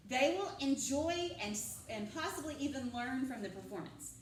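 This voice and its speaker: A woman's voice: high-pitched, lively intonation, normal speed, few pauses, slight background noise. A drama teacher leading a class, quizzing her students and repeating their answers. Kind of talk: classroom lecture with questions to students. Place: school classroom, indoors. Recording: echoey classroom picked up from a distance.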